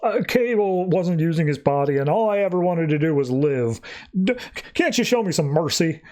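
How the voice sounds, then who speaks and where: A man's voice: a little high, lively intonation, moderate pace, a little mellow, close to an everyday voice. A man voicing a defeated male villain who whines and pleads. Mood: pleading. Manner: whining, pleading.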